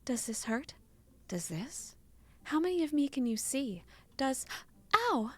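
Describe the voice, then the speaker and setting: A woman reading a novel aloud, voicing a flustered young woman caretaker who turns bossy and exasperated in shrill, rising outbursts. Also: very animated, takes it slowly, fairly bright tone, exaggerated voice. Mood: worried.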